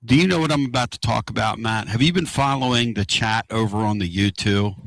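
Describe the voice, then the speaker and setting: A man hosting a casual radio talk show from inside a moving car, excitable and rambling. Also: lowish voice, brisk, vocal fry, dry recording. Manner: excitable, rambling and loud-mouthed.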